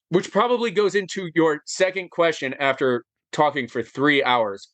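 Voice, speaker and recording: A man in his forties, an interview guest, telling a personal story with lots of fillers, animated and getting choked up as he goes. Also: a little high, moderate pace, no echo. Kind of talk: emotional storytelling in conversation.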